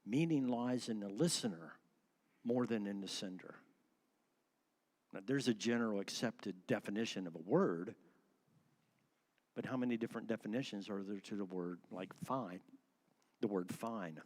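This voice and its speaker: Animated man leading a church class. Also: fairly low pitch, moderate pace, pauses often. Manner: animated, asks the class questions, shifts word stress for effect. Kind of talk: interactive church class lecture.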